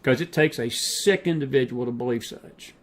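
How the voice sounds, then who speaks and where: A man hosting a late-night talk show, impassioned and preachy, slowing down to drive his points home. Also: mid-range voice, slight background noise.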